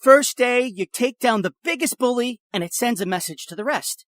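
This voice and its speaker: A man's voice: very high-pitched, expressive, normal speed, fairly bright tone, no echo. A man playing a cocky, tough-talking teenage boy. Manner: cocky, insistent, crude. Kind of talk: improvised comedy character.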